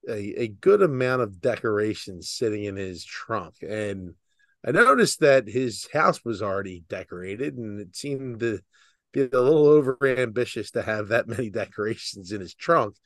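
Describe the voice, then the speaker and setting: A man's voice: fairly low pitch, animated, normal speed, dry recording, clean studio sound. A man co-hosting a casual podcast, teasing his friend and asking curious questions. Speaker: podcast co-host. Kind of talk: casual chat.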